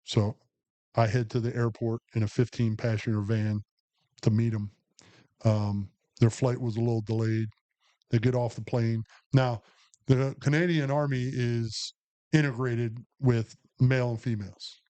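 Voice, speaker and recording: A middle-aged veteran swaps stories on a podcast, drawling along at an unhurried crawl. He wanders through his anecdotes with plenty of ums and restarts, his voice sitting at an everyday pitch. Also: steady tone, mellow. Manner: rambling, anecdotal, heavy with fillers. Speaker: podcast co-host and Army veteran. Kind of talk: casual storytelling chat.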